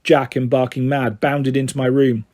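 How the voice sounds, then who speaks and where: A man's voice: medium pitch, level tone, moderate pace, a little mellow. Man reading a children's story. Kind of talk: reading a children's book aloud.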